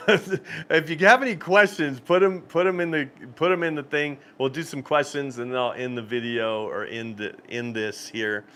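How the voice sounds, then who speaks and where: Man, middle-pitched voice, casual live-stream chat, rambling storyteller, laughs often. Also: fairly even intonation, moderate pace, a bit bright, a little hiss or hum. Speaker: cruise channel host.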